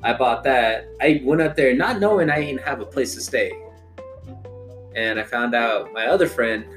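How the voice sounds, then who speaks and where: A man's voice: mid-range voice, moderate pace, fairly bright tone, soft background music. A young man in casual chat, telling a loose, profane story among friends.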